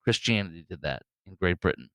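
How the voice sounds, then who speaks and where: A man's voice: sits low, animated, fairly quick, sharp tone, clean tone, no room sound. A man hosting a solo political commentary show, talking bluntly and mockingly with frequent fillers and restarts.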